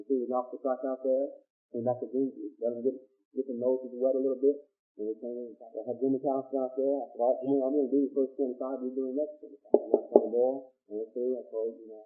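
Folksy preacher on a tinny recording. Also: male voice, mid-range voice. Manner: folksy, breaks into shouts and laughter. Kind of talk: sermon storytelling.

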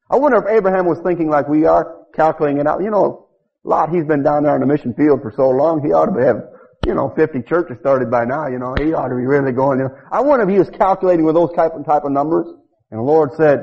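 Emphatic preacher, lo-fi church recording. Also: male voice, a little high, animated, quick pace. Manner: emphatic, rising to loud scripture reading. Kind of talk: sermon.

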